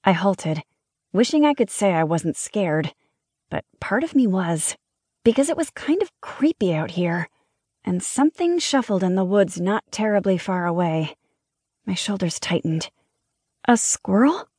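A woman reads a cozy mystery audiobook in first person, with a lively, wry storytelling manner. Her voice sits in a middle register, and the studio booth sound is dry and close. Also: mid-range voice, unhurried, husky, dry recording. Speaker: audiobook narrator.

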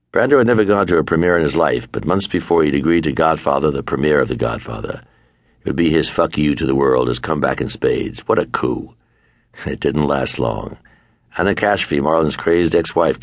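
An older man with a gravelly voice, narrating his own memoir in a wry manner, at times dropping to a murmur. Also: extremely low pitch, no echo, clean studio sound. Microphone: close studio mic.

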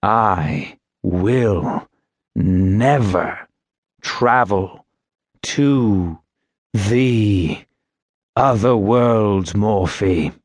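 A narrator puts on a bald, boozy male playwright, gloomy and full of himself, who lays down his words slowly and deliberately. The voice is dry and close, with no room sound. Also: on the low side, no room sound. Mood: solemn. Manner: slow, deliberate pronouncements.

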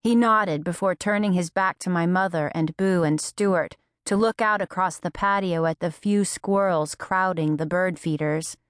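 A woman narrating an audiobook in a measured, reflective first-person voice. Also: fairly low pitch, no room sound, clean studio sound.

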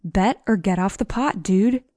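A woman's voice: medium pitch, unhurried, warm tone, no echo, clean studio sound, natural voice. A woman voicing an impatient, laid-back young male grad student in an audiobook, blunt in manner.

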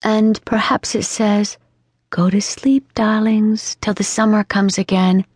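A woman's voice: medium pitch, level tone, slow, darkish tone, slightly rough, no room sound. A woman voicing a chatty, imaginative young girl in an audiobook, earnest and lilting. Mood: dreamy. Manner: earnest, scolding and dreamy by turns, lilting. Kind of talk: audiobook character reading. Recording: dry studio sound.

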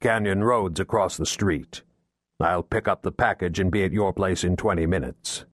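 A man's voice: low voice, normal speed, dry recording, clean studio sound. A man narrating an audiobook voices a Russian-born hitman speaking with a convincing American accent, keeping a casual cover over his anger. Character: male Russian hitman, tense, faking calm.

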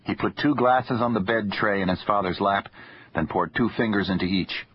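Deep-voiced male audiobook narrator. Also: moderate pace, muffled recording, slight background noise. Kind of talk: scripted narration.

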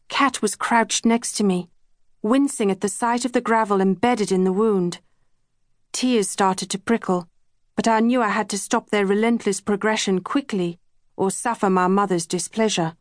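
A woman narrating an audiobook in a measured, even voice of mid pitch. She reads close to the microphone. The studio sound is dry. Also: no echo. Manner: measured and even first-person storytelling. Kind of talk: scripted narration. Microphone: close studio mic.

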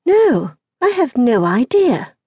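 Storybook heroine: woman voicing a sharp-tongued young lady, slightly raised, husky, lively lilt. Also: sits high, slow, no room sound, voice pushed up, full character voice. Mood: tart, composed. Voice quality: crisp, tart. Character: spirited, witty young gentlewoman.

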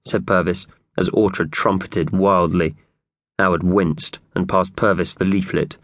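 A man's voice: low-pitched, steady tone, moderate pace, dry recording, clean studio sound. A man narrating a children's audiobook in a playful storytelling manner.

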